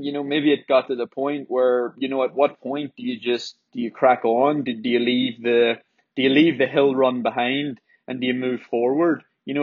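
A candid man speaks about his running, reflective and loose with the odd swear. His voice sits at a middling pitch. The sound is close and dry, with a slightly dull, lo-fi tone. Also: breathy edge, no room sound. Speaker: runner sharing his training. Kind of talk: casual spoken monologue.

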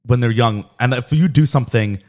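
A young man chatting casually on a family podcast. He sounds relaxed and easygoing, with a loose, rambling delivery full of fillers. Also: mid-range voice, brisk. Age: young adult. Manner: laid-back, full of "like" fillers. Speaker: son and co-host.

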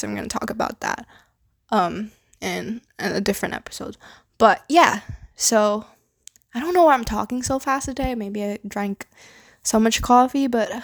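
Rambling young woman from the Philippines. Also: mid-range voice. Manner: rambling, heavy use of fillers like "like" and "you know"; swears casually. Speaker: podcast host. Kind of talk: casual personal monologue.

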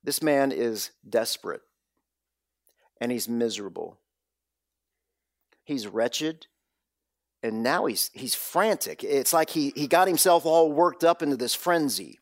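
A man's voice: medium pitch, lively intonation, measured pace, long pauses, dry recording, studio quality. A man preaching a sermon, dropping into whispers and rising sharply for emphasis. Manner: dramatic, drops to whispers and rises for emphasis. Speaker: pastor.

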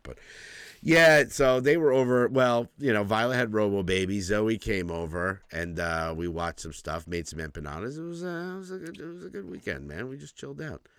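A man in his forties, co-hosting a casual podcast chat, telling animated stories with lots of laughs and casual swearing. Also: low voice, dry recording. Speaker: podcast co-host.

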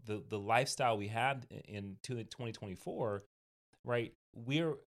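Male co-host, casual podcast chat, low voice, halting speech with lots of restarts. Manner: halting, many restarts and fillers.

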